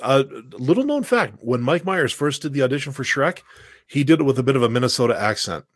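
A man's voice: mid-range voice, lively intonation, brisk, dry recording, clean studio sound. A man raised in the American South, telling stories on a casual livestream chat, with a lot of stammered restarts.

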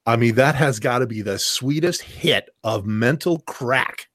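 A man's voice: medium pitch, a little slow, a bit bright, dry recording, studio quality. A man hosting a casual podcast discussion, talking in long, rambling stretches with emphatic points and sarcastic asides. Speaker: podcast host.

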